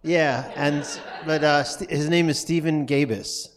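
A man from New York City, a stage actor appearing as a guest on a live podcast, speaking in a halting, self-deprecating way and often trailing off. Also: fairly high pitch, steady tone, a crowd in the background.

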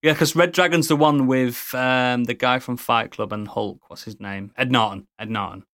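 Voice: medium pitch, steady tone, normal speed, a bit bright, dry recording, studio quality. A speaker in casual film chat who is blunt, laughs often, and swears freely.

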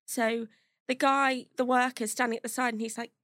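A woman with a high, light voice tells a comic anecdote on a podcast and often breaks into laughter. Her delivery is animated and quick. She sits close to a studio mic in a dry room. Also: no echo. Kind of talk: casual storytelling chat.

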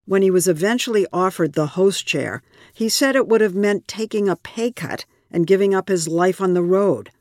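A man narrating a news profile in a measured, scripted style. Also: high voice, no echo, clean studio sound.

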